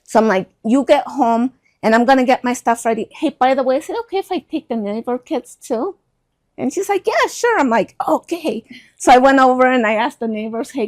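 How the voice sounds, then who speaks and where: A middle-aged woman telling a personal story in a casual chat, animated and acting out the voices of the people in it. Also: a little high. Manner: animated, acts out quoted voices.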